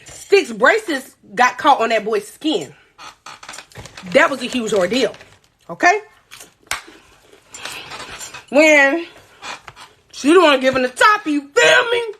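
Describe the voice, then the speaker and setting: A young woman tells a high school story on a livestream, her voice high and bright. She talks straight to her viewers in an animated, profane flow, her tone climbing and dropping all the time. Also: slow pace, pauses often, slight background noise. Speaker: livestream host.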